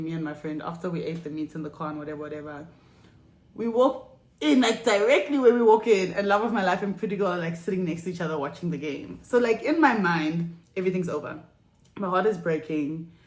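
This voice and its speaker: A woman's voice: on the low side, reverberant. A young South African woman in her twenties, telling a story to her channel in a chatty, dramatic, slangy way. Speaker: vlogger. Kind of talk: casual storytime chat.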